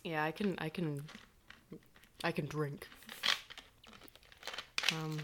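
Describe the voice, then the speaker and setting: Podcast co-host, woman, whispered ASMR bit, close mic, playful, slightly low voice. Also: fairly even intonation, slow pace, pauses often, very noisy. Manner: jokey, mixing whispers with plain talk. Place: dorm room floor. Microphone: sock as pop filter, close up.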